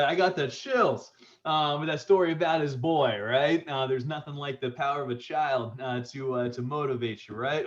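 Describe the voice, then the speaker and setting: A man hosting a video meeting, excitable and full of filler sounds. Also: on the high side, highs cut off. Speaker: meeting host. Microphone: video call.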